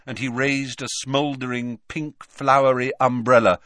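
Expressive, bright-voiced male narrator. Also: mid-range voice, unhurried, dry recording. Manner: expressive storytelling. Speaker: audiobook narrator. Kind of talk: scripted narration.

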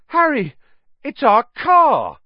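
A jumpy teenage boy wizard whose voice shoots up high and loud when he gets scared or excited, as a male narrator puts him on. He sounds lively and quick to alarm. The audiobook recording is dry and a little dull. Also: dry recording, heavily acted. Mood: overjoyed.

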